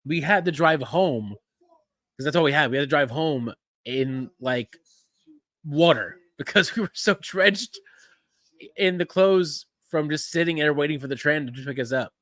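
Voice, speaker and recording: A man's voice: fairly high pitch, measured pace, fairly bright tone, no room sound. A man hosting a casual wrestling-watch live stream, rambling with frequent restarts and easy chuckles. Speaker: podcast host.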